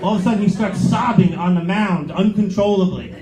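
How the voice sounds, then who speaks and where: On stage at a comedy club, a middle-aged man with a high-pitched, somewhat dark voice talks fairly quickly through crude, sarcastic stories, acting out quoted lines. Laughter echoes through the roomy venue.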